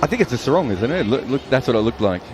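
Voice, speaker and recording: Fast-talking joking cricket pundit, man. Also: mid-range voice, very animated. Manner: quick, joking, playfully opinionated. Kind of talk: expert co-commentary.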